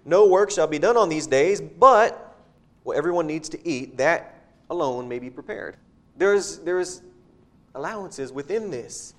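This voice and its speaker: A man's voice: a little high, expressive, a little slow, a bit bright. A man preaching a sermon in a conversational way, often repeating words as he explains scripture.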